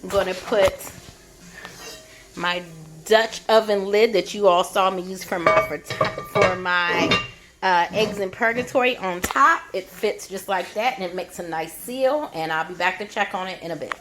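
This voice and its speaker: A woman's voice: mid-range voice, unhurried, background noise. A woman vlogging her home cooking, chatting through each step as she shows the food. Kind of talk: cooking demonstration.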